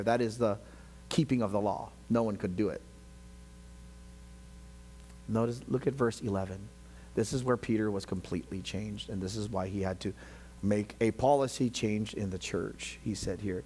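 Male pastor preaching, goes from hushed to fired up, speeds up then slows way down to hit a point. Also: fairly low pitch, fairly even intonation, a little hiss or hum. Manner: swings from quiet to loud, shouting passionately at peaks; acts out voices of biblical figures while preaching. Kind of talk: sermon.

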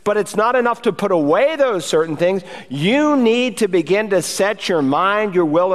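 A male pastor preaches with urgency and emphasis, his voice sitting somewhat high for a man. The sermon rings through a church sanctuary with a long trailing reverb.

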